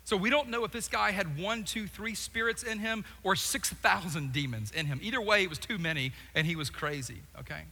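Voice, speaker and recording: A man preaching a sermon, telling the story with humor, quick asides and acted-out voices. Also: sits high, pushed and bright. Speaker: pastor. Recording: long hall reverb.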